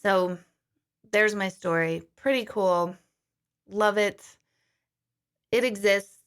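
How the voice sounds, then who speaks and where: A middle-aged woman, a medium, telling a story in a casual, animated livestream from her kitchen, swearing freely. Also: mid-range voice, slow pace, clear, resonant tone. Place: home kitchen.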